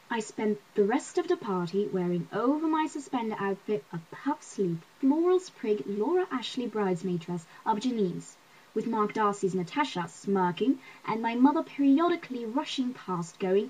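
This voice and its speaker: Husky woman reading a wry diary. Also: on the high side, very animated, moderate pace, darkish tone, rough recording. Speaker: audiobook reader. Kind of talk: first-person narration reading.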